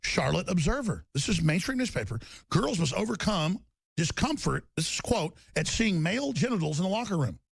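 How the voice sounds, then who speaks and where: Gravelly, ranting male talk radio host. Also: high-pitched, very animated, a little fast, dry recording. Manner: shouting, agitated tirade. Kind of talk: angry on-air rant.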